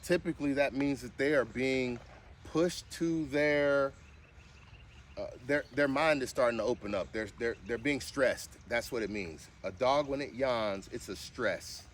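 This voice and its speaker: In an unhurried voice over a little hiss or hum, a man vlogs casually while working with his service dog. He gives firm, short commands and high sing-song cues, mixed with chatty explanation.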